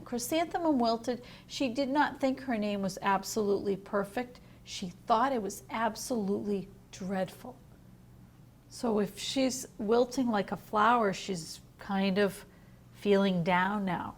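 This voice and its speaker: A woman teacher reading a picture book aloud to young children. She is gentle, explains words and asks questions. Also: medium pitch, a little hiss or hum. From United States.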